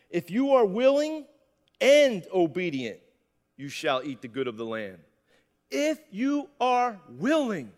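A high-voiced pastor delivers a sermon with lively, animated energy, pausing so listeners can call out "amen." A long reverb on his voice suggests a church hall.

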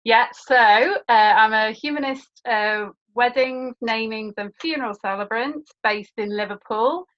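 A woman's voice: a little high, a little slow, hardly any pauses. Woman, podcast guest, chatty explainer, muffled remote sound. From born in England, raised in Birkenhead. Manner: chatty, explanatory, many fillers. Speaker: guest, humanist celebrant. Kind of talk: casual podcast interview.

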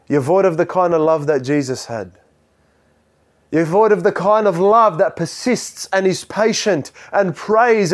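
A man preaching a sermon, swinging from loud, high exhortation to quiet, low intensity.

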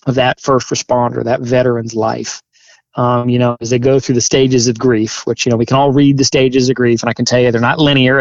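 A man who is a firefighter and chaplain, telling his story candidly in an interview, earnest and halting, growing emphatic. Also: medium pitch, no room sound, dull audio. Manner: earnest, halting restarts, grows forceful and emphatic.

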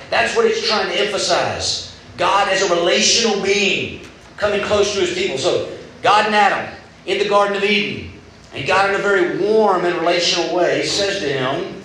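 High-voiced preacher in an echoey hall. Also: male voice, distant mic, a little hiss or hum. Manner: casual, animated preaching with paraphrased dialogue. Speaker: youth pastor. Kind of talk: sermon.

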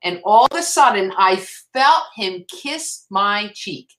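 A woman guest author sharing an emotional faith testimony in a halting, restarting way. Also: mid-range voice, expressive, poor audio.

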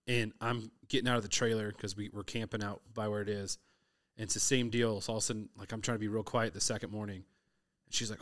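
Middle-aged man from Southern California, low voice, animated storyteller who acts out the people in his stories. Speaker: hunter telling stories. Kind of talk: casual conversation.

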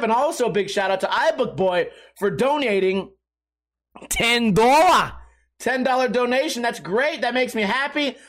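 A young man hosting a casual podcast, profane and animated, bursting into loud shouts. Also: sits high. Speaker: podcast host. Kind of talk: casual rambling chat. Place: at home.

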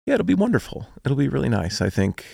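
A man's voice: medium pitch, wildly swooping pitch, fast, gravelly, warm tone, breathy edge, no echo, studio quality. A man, a campus pastor guest on a podcast, easygoing and chatty. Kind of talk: casual podcast chat.

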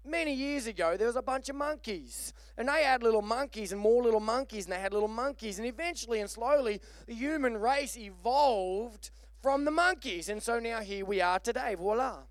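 A man's voice: extremely high pitch, expressive, moderate pace, dry recording. A man putting on an English accent to voice a father telling a story. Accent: put-on English.

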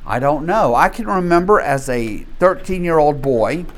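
Lively, conversational man teaching a Bible study. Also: fairly high pitch, moderate pace. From North Louisiana, US. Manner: conversational, often checks in with the group; animated storyteller.

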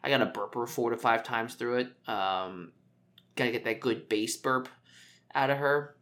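Man, podcast co-host, casual chat, medium pitch, rambling, joking, lots of fillers. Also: normal speed, fairly bright tone. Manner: rambling, jokey storytelling with many fillers.

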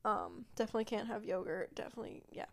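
A young woman hosting her own podcast, chatting casually and meandering with lots of fillers and asides, sometimes dropping to a quiet murmur. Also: mid-range voice, wildly swooping pitch, racing, gravelly. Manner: yawning, drops to a quiet murmur at times. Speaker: podcast host. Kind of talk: casual solo chat.

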